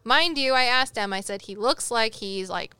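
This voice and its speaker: A woman's voice: a little high, moderate pace, smooth, no echo, studio quality. A woman co-hosting a chat show as a psychic medium, telling a story with jokes and acting out the dialogue. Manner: animated, jokey, acts out dialogue in quotes. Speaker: podcast co-host, psychic medium.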